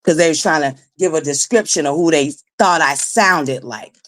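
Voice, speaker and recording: A woman in her forties with a naturally raspy voice, hosting a casual live-stream commentary, blunt and profane, talking straight to her viewers. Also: low voice, normal speed, a bit bright. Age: 40s. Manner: blunt, profane, emphatic, addresses viewers directly. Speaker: livestream commentary host.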